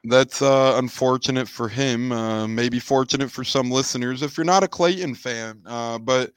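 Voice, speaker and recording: Man, podcast co-host, mid-pitched, upbeat, measured, casual sports chat, dry close mic. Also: smooth, no room sound. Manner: upbeat, measured, builds on his co-host's points.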